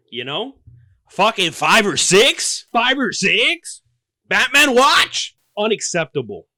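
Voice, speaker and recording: A man hosting his podcast, telling a comedic story in a profane, exaggerated rant that keeps bursting into loud outbursts. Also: medium pitch, dry recording, clean studio sound. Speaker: podcast host.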